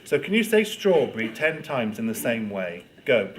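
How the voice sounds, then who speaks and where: A man's voice: mid-range voice, sing-song, normal speed. A man leading a storytelling workshop with playful, demonstrative, teasing delivery. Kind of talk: lively workshop talk to students. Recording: loud background noise.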